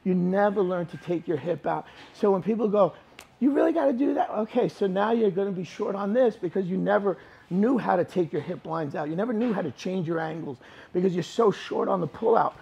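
A man's voice: high-pitched, fairly quick, vocal fry, a little mellow, husky, dull audio. A man teaching a jiu-jitsu class in a gym, talking through techniques as he demonstrates them, informal and emphatic. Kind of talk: live class instruction. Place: training gym.

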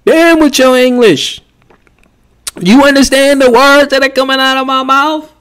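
A man doing a brash, shrill comedian impression. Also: measured pace. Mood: defiant. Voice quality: high-pitched and shouty.

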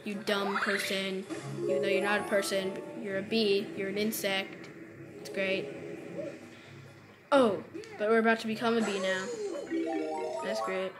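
A woman giving casual commentary over a video game, chatty and quick to exclaim and groan in frustration. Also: mid-range voice, little pitch movement, low-quality recording. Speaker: let's play gamer. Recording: game music playing behind.

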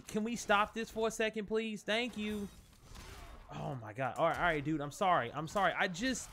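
A young man commentating his own fighting-game match, swearing a lot and talking to his opponent and viewers, easily worked up. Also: high-pitched. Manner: profane, excitable, talks to his opponent and viewers. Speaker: gaming channel host. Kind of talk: live gameplay commentary.

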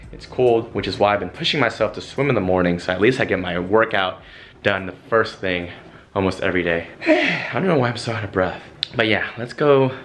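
A man's voice: fairly low pitch, fairly bright tone. A young man, talking casually and slangily as a vlogger while he shops and cooks. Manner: laid-back slangy talk. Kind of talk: casual vlog chat. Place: home kitchen and grocery store. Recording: lo-fi music playing under voice.

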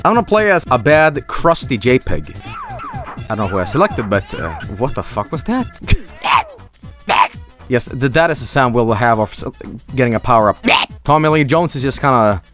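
A man giving casual, sarcastic gameplay commentary as a streamer, excitable and full of swearing and laughter. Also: medium pitch, normal speed, soft background music. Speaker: game streamer.

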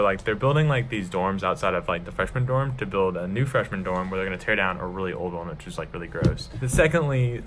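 A man's voice: fairly low pitch, a bit bright. A young man, a college student, rambling self-consciously about campus while walking outside with a phone held at arm's length. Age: young adult. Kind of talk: casual walking vlog. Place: outdoors on a campus under construction. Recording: outdoor street noise.

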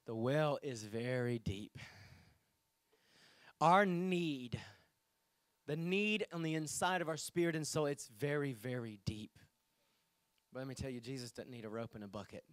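A man's voice: fairly high pitch, a bit bright, no echo, clean studio sound. A man preaching a sermon to his congregation, reading scripture aloud and speaking to the people directly. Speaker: pastor. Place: church sanctuary.

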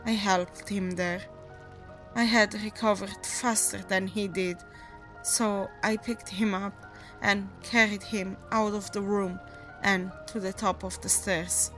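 A woman narrating a first-person horror story in a measured, deliberate way. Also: mid-range voice, fairly even intonation, fairly bright tone, faint music behind, rough recording.

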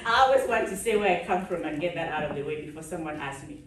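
A woman's voice: sits low, fast talker, hardly any pauses, crowd noise. A woman from Cameroon giving a chatty, audience-engaging conference keynote. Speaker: keynote speaker. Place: large conference hall. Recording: echoey hall from a distance.

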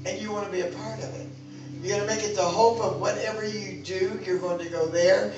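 A woman preaching a sermon in a fervent, exhorting manner, rising at times to loud calls to her listeners. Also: mid-range voice, fairly even intonation, brisk, dull audio. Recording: very echoey room, mic far off, music behind.

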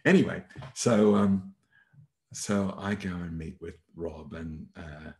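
A man's voice: low-pitched, steady tone, slow, darkish tone. A middle-aged Australian man telling a rambling work anecdote in a casual talk, full of fillers and acted-out quotes. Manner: rambling anecdotal, many fillers and restarts, acts out quoted people. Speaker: conference speaker telling a case study.

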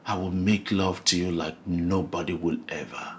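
A Nigerian actor playing a controlling husband in a film drama, talking slowly and swinging from hushed pleading to loud outbursts. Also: male voice, sits low, steady tone, slight background noise. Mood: coaxing. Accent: Nigerian English. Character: resentful controlling husband, man, adult.

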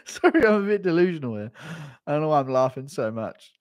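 A man's voice: a little high, sing-song, fast. A man chatting casually on a livestream, joking crudely with his chat and constantly breaking into laughter. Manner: giggly, keeps breaking into laughter.

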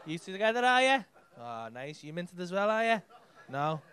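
A man's voice: sits high, big pitch swings, normal speed, pushed and bright, slight background noise. A man with a Liverpool accent doing brash, sweary stand-up crowd work from a club stage. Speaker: stand-up comedian.

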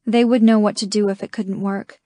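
A woman reading a first-person romance audiobook in a slow, intimate way. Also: medium pitch, level tone, mellow, no room sound, studio quality. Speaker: audiobook narrator. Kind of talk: scripted first-person narration.

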